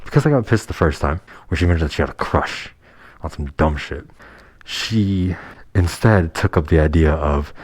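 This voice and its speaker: A young man with a deep, low-pitched voice tells a personal story as a vlogger. He talks casually but heatedly, bluntly and with plenty of swearing. The sound is dry, with no room echo. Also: animated, unhurried, a little mellow.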